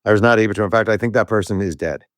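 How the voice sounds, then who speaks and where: A man's voice: fairly low pitch, racing, dry recording, studio quality. A man, an author, telling a story in a casual interview and acting out the voices of the people in it. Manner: animated storyteller who acts out quoted voices. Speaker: author and podcast guest.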